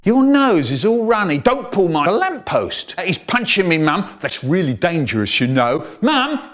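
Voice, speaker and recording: A man's voice: high voice, very animated, unhurried, a bit bright, pitched above the performer's own voice, heavily acted. Older man doing a whiny young boy. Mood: whining. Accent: British.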